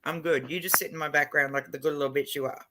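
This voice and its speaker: A woman's voice: low-pitched, fairly even intonation, fast talker, background noise. A woman hosting a livestream, chatting casually with viewers in a brash, swearing manner. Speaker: livestream host.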